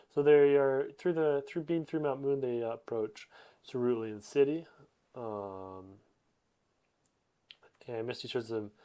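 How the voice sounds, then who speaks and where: A man's voice: medium pitch, dark tone. A man giving a rambling, casual retelling of a comic, full of fillers and restarts, loosely voicing the characters. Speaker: narrator summarizing a comic.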